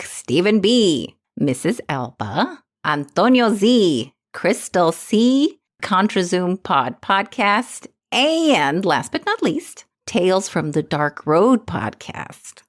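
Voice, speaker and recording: Woman co-host, casual podcast chat, animated delivery, very lively intonation. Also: fairly low pitch. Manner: animated, laughs often.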